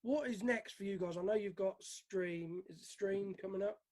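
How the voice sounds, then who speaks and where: A man hosts a casual interview with film guests. His voice sits high. He keeps things friendly and brisk. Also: darkish tone. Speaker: host interviewer.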